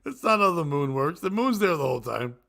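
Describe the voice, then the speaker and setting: A man's voice: fairly high pitch, very animated, brisk, creaky, pushed and bright. A man co-hosting a crude comedy podcast, reading joke after joke and breaking into cackling laughs. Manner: cackling laughs, reads jokes aloud. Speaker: podcast co-host.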